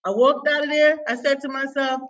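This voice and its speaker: A woman's voice: sits high, fairly even intonation, brisk, a bit bright, recorded from a distance, dull audio. A woman coach telling a personal story on a podcast in an emphatic, emotional, folksy way. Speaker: business coach guest.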